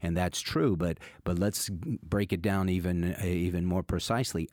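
A man's voice: low-pitched, unhurried, few pauses, a little mellow, dry recording. An older man, a pastor and radio host, preaching emphatically with repeated rhetorical questions on a close studio mic. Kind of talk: radio sermon.

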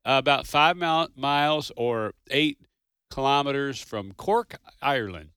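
A man's voice: medium pitch, a little slow, a bit bright, clean tone, dry recording. A man co-hosting a casual radio trivia show on a studio microphone, chatty and jokey.

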